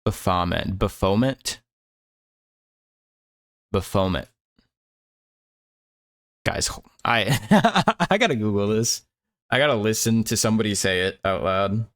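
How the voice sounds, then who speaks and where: Young man, casual stream chat, rambling, filler-heavy, fairly low pitch. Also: lively intonation, moderate pace, a bit bright. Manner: rambling, lots of "like" fillers, laughs at himself. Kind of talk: casual chat while drawing.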